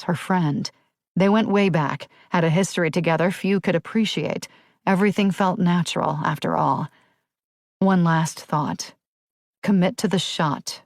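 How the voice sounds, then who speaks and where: A woman narrating a crime thriller audiobook in a steady, measured read. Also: lowish voice, no room sound, studio quality.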